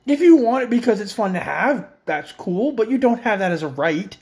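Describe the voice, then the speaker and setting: A man's voice: high voice, expressive, moderate pace, darkish tone. A middle-aged man in a friend's house, ranting with heavy swearing, exasperated and sarcastic. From Canada. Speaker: vlogger. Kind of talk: profane comedic rant.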